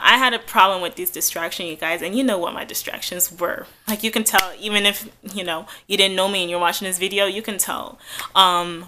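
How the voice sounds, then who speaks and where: Twenties woman, casual vlog chat, bright tone, candid and rambling. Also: mid-range voice. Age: 20s. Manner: rambling, filler-heavy, candid. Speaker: vlogger.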